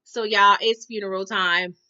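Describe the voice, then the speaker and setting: Sassy lady recapping a show, bright forceful voice, kinda muffled lo-fi audio. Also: medium pitch, steady tone, moderate pace, smooth. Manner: chatty, full of "you know" and "okay?" tags; sassy slangy asides. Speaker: TV recap reviewer. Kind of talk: casual recap chat. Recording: dull lo-fi sound.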